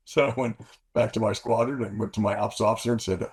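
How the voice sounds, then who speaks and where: A man's voice: lowish voice, fairly even intonation, a little fast, long pauses, husky. An older man, a former fighter pilot, telling rambling, self-correcting anecdotes as an interview guest. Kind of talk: storytelling interview.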